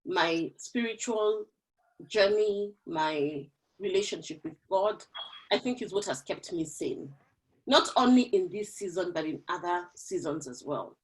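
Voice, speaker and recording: Animated woman hosting a video call. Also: lowish voice, unhurried, low-quality recording. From Kenya. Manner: animated, laughs often, chatty. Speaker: host of an online women's forum. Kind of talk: casual chat on a video call.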